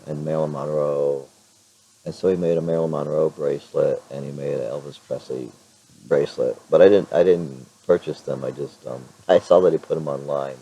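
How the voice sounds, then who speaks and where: Very low, gravelly hoarse man. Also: mellow, low-quality recording. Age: middle-aged. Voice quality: hoarse, raspy voice. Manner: rambling, frequent fillers and restarts. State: clears throat now and then. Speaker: vlogger. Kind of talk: casual vlog chat.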